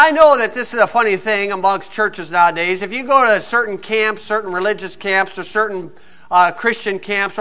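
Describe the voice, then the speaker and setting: Folksy preacher guy, pretty high voice, cracking jokes mid sermon. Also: sharp tone. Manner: folksy, joking, emphatic preaching.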